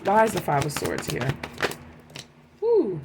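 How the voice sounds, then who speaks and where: A woman's voice: mid-range voice, measured pace. Lady doing a tarot reading, all fired up, says "right?" a lot, faint hiss behind her. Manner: animated, emphatic, keeps adding "right?". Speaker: tarot reader.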